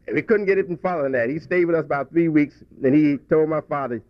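In a dull, dry lo-fi recording without echo, a fast-talking preacher with a slightly high voice reflects before his congregation. He recounts a childhood memory in a folksy manner, frequently starting over.

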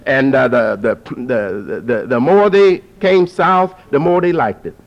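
A man preaching to an audience, who repeats phrases for emphasis and climbs to forceful peaks. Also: medium pitch, a little slow. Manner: lively, rising to forceful peaks. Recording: dull lo-fi recording.

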